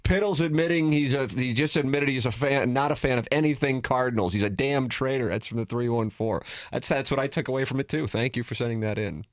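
A male radio host in casual sports banter, needling his partner and reading listener texts on air. His voice sits at an ordinary middle pitch. The studio sound is dry and close. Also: a little fast, few pauses, no room sound. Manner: teasing, reads listener texts aloud.

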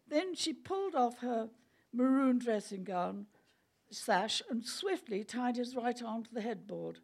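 Woman reading a story, gravelly and a bit high, keeps cracking up. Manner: amused, breaks into laughter. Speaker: reader.

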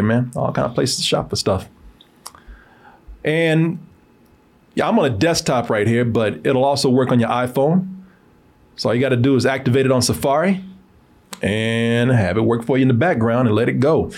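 A man hosting a casual online show, chuckling easily and talking straight to his viewers while reading a sponsor message. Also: mid-range voice. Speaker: host. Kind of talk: casual chat and sponsor read.

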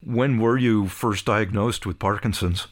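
A man interviewing a guest for a podcast, his voice sitting slightly low. He asks his questions in a calm, measured, steady way.

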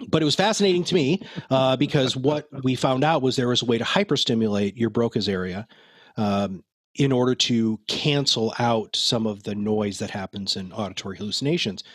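A man's voice: mid-range voice, fairly quick, breathy edge, dry recording. A man speaking as a guest in a casual podcast interview, chatty and laughing as he tells stories. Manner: chatty, laughing, many fillers and restarts. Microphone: headphones and studio mic.

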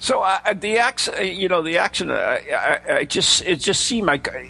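A man hosting a paranormal radio talk show, giving a theatrical welcome, then chatting in a halting, rambling way. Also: high-pitched, very animated, creaky, bright, forceful tone, a little hiss or hum. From New England. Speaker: host. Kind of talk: casual radio chat.

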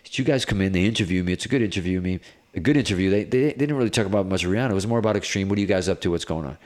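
Lowish-voiced man telling rambling stories. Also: racing. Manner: animated, rambling, filler-heavy with many "like"s. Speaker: guest guitarist. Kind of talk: casual interview storytelling.

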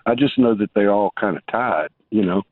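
A man's voice: on the low side, brisk, slight background noise. A man calling in to a talk show, rambling, restarting his sentences and teasing the host good-naturedly. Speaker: caller. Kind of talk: casual call-in banter. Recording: tinny phone line.

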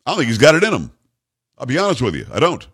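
A man's voice: mid-range voice, huge pitch swings, racing, a bit bright, slightly rough. A man hosting a political talk radio show, delivering an emphatic, ranting monologue full of rhetorical questions.

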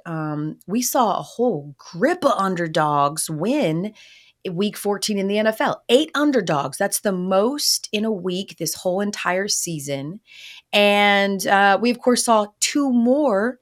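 A woman's voice: mid-range voice, a little slow. A woman hosting a sports talk show, chatting casually and animatedly about football with a co-host. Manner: lively, animated, chatty with fillers. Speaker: podcast host.

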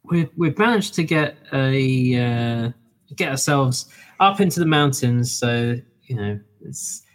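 A man telling a story in a loose, chatty way. He stops and restarts often and leans on plenty of fillers. His voice sits at an ordinary middle pitch. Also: expressive, slow. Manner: rambling, many restarts and fillers. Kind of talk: casual chat.

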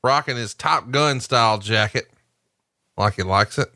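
A man's voice: mid-range voice, a little slow, sharp tone, dry recording, studio quality. A man in his forties co-hosting a casual podcast, cracking profane jokes. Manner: wisecracking, profane. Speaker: podcast co-host. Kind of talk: casual watch-along chat.

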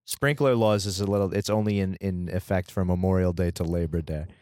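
Male podcast co-host, wisecracking and deadpan, slightly low voice, dry close mic. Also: brisk, dry recording. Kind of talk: casual chat.

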